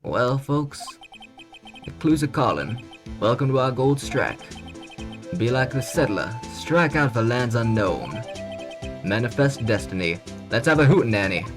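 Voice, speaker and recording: A man voicing a gloomy, laid-back Texan cowboy patrolman in a slow, poetic drawl, over game music. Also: mid-range voice, animated, lightly acted. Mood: folksy.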